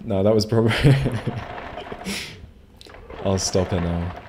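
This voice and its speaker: A man's voice: sits low, slow, background noise. A man casually commenting while streaming a video game, rambling with self-mocking jokes and asides to chat. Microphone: desk microphone.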